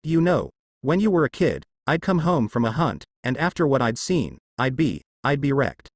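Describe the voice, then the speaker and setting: A man reads as a weary father full of regret, speaking in halting, apologetic phrases. The pitch moves in a lively way, and the sound is dry. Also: no echo. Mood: regretful.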